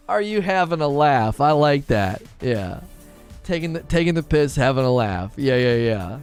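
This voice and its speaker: Man streamer, casual jokey chat, lively pitch, faint music behind. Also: slow pace, clear, resonant tone. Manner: jokey, laughs often, does mock British voices.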